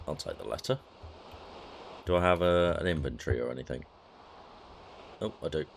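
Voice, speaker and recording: A man's voice: rumbling low, moderate pace, creaky, a little hiss or hum. A man casually commenting on a retro adventure game, wry and self-mocking. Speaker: let's-play host.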